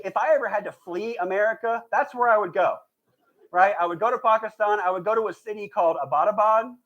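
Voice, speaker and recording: High-voiced man doing animated stand-up. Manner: animated storytelling, acts out quoted voices, laughs at own jokes. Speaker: stand-up comedian. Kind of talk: stand-up comedy set. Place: live show before an audience.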